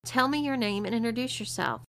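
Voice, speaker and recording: A woman's voice: fairly high pitch, lively intonation, a little fast, gravelly, fairly bright tone, voice pushed up. A woman voicing a cool, teasing young woman who gives orders. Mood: commanding. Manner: commanding, mocking.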